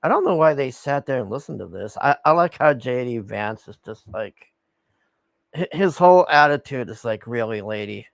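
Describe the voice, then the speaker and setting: A man's voice: medium pitch, animated, moderate pace, creaky, no echo. A man reacting to a video in a casual, scoffing, profane rant.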